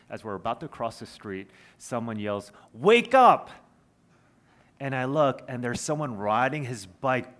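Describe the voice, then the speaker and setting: A man, preaching a sermon in an earnest, conversational way with personal stories. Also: mid-range voice. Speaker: pastor.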